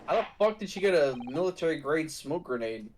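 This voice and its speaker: Teasing man with lively pitch. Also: a little fast, a little hiss or hum. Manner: teasing, joking. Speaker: co-player on a stream. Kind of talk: casual chat while playing a game. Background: game music.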